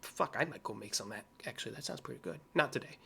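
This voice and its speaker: A man's voice: medium pitch, lively intonation, fast, vocal fry, bright, forceful tone, slight background noise. An American man hosting a livestream, reacting to clips with sarcastic, rambling commentary and profane asides. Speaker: livestream host reacting to videos. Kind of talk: casual commentary.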